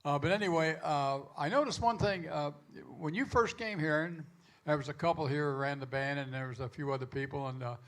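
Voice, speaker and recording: A man from Michigan in the audience, telling a story haltingly with many fillers. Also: on the high side, fairly bright tone. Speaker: audience member. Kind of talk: casual chat.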